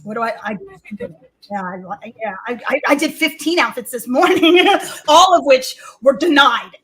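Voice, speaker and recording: A woman's voice: high voice, lively intonation, moderate pace, a bit bright, breathy edge. A woman telling rambling, foul-mouthed stories in a casual comedic chat and acting out what others said.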